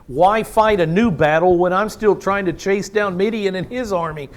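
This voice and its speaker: A man's voice: high voice, moderate pace. A man preaching a Bible-teaching sermon, emphatic, asking rhetorical questions. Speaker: pastor.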